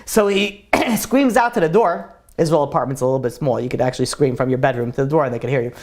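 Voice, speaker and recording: A woman telling a story in a casual, chatty way, often saying "like" and clearing her throat. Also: rumbling low, quick pace, a little mellow.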